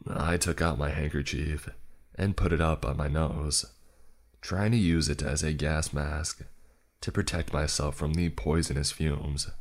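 A man narrating a first-person story in a wry, exasperated way. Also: extremely low pitch.

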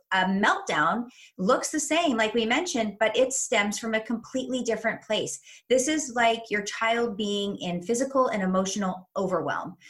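A woman's voice: mid-range voice, a bit bright. Woman coach explaining step by step. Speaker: parenting coach. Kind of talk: guest explaining advice in a chat.

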